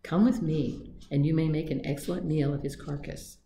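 A haughty male fox, sneering and full of boasts, as a woman reads his lines in a storybook. The voice is low and mellow, captured in an echoey room with faint ambience behind. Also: steady tone, normal speed, slight background noise. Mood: sly. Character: arrogant scornful male fox.

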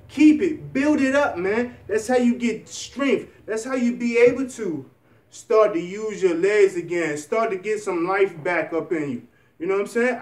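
A young man with a fairly high voice talks in a rambling, earnest, encouraging way, often restarting his sentences. He sits a bit away from the mic, so the room echo comes through. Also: far from the mic. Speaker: vlogger. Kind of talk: motivational vlog talk.

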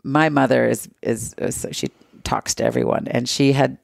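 A woman's voice: extremely low pitch, moderate pace, gravelly, no room sound, studio quality. A middle-aged woman from the United States, telling a travel story as an interview guest and acting out the quoted lines. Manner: lively anecdotal storyteller who acts out quoted dialogue.

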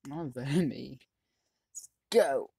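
Excitable let's-play host, chatty commentary with sudden yelling, mid pitch, dry close mic. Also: slow pace, gravelly, slightly rough, dry recording. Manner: excitable, yells at other players; chatty running commentary on the game. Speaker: gaming channel host.

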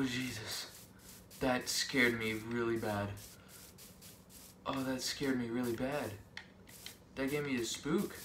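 A man's voice: mid-range voice, distant mic. A young man giving casual game commentary, joking to himself and yelping when startled. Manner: jumpy, yelps and shrieks when startled, joking self-talk. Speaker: gaming vlogger. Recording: echoey room, off-mic, noisy background.

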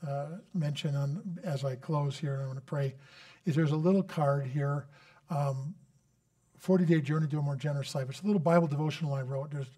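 Man, guest preacher, sermon, fairly high voice, earnest, storytelling, fervent prayer. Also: warm tone.

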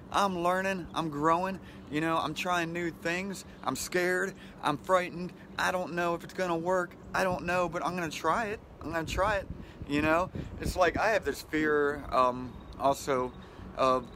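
A man's voice: fairly high pitch, sharp tone, a little hiss or hum. A middle-aged man hosting a casual motivational vlog outdoors by the water, talking into a handheld phone in a friendly, rambling way with frequent chuckles. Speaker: vlog host. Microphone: handheld phone camera.

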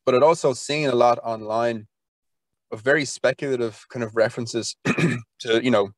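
This Irish podcast guest, a folklore archivist, chats through an interview at normal speed in a steady, mid-range voice. Enthusiasm carries him into rambling, full of fillers and false starts. No room sound is audible.

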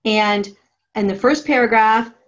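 A woman teaching a writing class, giving slow, methodical step-by-step instructions on punctuation. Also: a little high, steady tone, muffled recording. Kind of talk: classroom grammar lesson.

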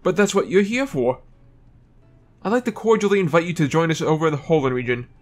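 An eager male professor invites a young trainer on a journey, as a man reads the game text aloud. The voice is fairly high, tripping now and then over names, with faint game music behind. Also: expressive, fairly quick, close to an everyday voice.

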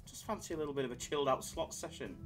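A man's voice: on the high side, racing, soft background music. A man hosting a casual live stream, bantering with chat in a laid-back way.

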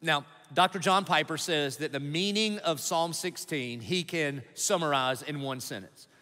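High, forceful preaching man. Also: a little slow. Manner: emphatic, punchy preaching with rhetorical questions. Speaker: pastor. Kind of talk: sermon. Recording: long reverb of a large hall.

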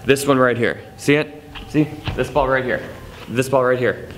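A man's voice: mid-range voice, normal speed, fairly bright tone. Man, juggling teacher, chatty and jokey, counts throws aloud, reverberant room with faint background noise. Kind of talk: casual tutorial to camera.

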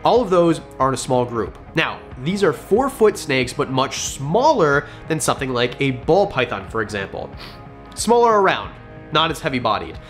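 A man's voice: mid-range voice, very animated, normal speed, faint music behind. A man hosting a pet-snake vlog, explaining care tips in a chatty, enthusiastic way with jokey asides. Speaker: reptile channel host. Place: home with pets around.

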